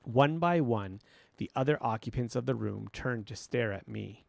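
Gravelly male audiobook narrator. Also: medium pitch, moderate pace, no echo. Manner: steady first-person storytelling.

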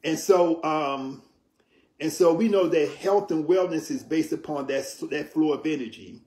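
A man's voice: on the high side, darkish tone. Teacherly man in a roomy echo. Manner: measured, teacherly, with frequent "right?" check-ins. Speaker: yoga teacher. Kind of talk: explanatory interview talk.

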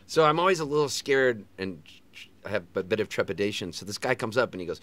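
A man's voice: lowish voice, fast. A middle-aged man, a touring singer-songwriter, telling stories in a casual interview and acting out other people's voices as he goes. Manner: animated storyteller who sings and acts out other people's lines. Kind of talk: casual storytelling chat.

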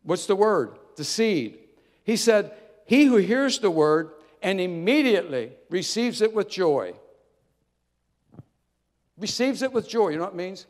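A man's voice: high-pitched, long reverb tail. A man preaching a sermon as pastor, folksy and emphatic, repeating key phrases for effect. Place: church.

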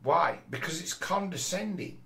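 A man's voice: fairly high pitch, expressive, normal speed, creaky, fairly bright tone. A middle-aged man, talking bluntly in a sweary casual monologue. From Rochdale, England. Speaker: commentator.

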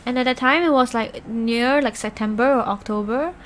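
A woman live-streams casual chat with her viewers, rambling through stories with plenty of filler words. Her voice is a little high and fairly bright, at normal speed, with a faint noise running under the recording.

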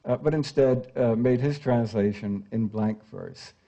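A man's voice: medium pitch, unhurried, mellow, lo-fi sound. An older man giving a scholarly lecture as a translator, with frequent "uh" fillers between phrases. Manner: scholarly, with frequent "uh" fillers, reads quoted verse aloud.

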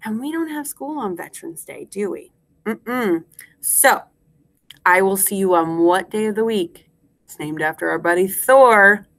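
A woman's voice: mid-range voice, expressive, a little slow, vocal fry, fairly bright tone. A woman teacher leading a phonics lesson for young children, speaking in a sing-song way and drawing out each sound.

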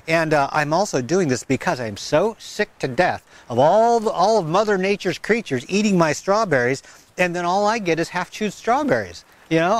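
A rambling, chatty man, talking out in a windy garden. His voice sits a little high for a man. He wanders off topic, laughs at himself, and speaks through a wireless mic with a fuzzy windscreen. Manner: sing-song baby talk to his dog. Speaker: gardening channel host. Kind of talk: casual outdoor vlog.

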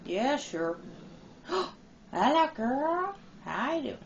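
A woman giving casual, excitable let's-play commentary while she plays, teasing and swearing. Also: sits high, drawn-out words, gravelly, a little hiss or hum, rough recording. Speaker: gamer playing and commenting. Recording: game music playing behind.

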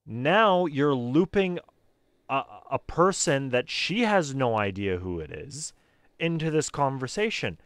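A man's voice: medium pitch, lively intonation, a little slow, no echo, studio quality. A man giving casual, sarcastic commentary while playing a game, swearing freely. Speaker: game streamer.

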